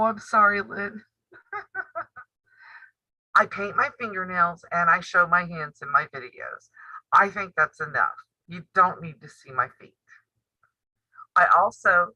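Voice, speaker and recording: A woman's voice: lowish voice, bright, forceful tone, no room sound, muffled recording. A woman, hosting a casual live-stream chat for a sewing channel and talking in a blunt, teasing way with frequent laughs. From United States. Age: 50s. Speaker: sewing and quilting channel host.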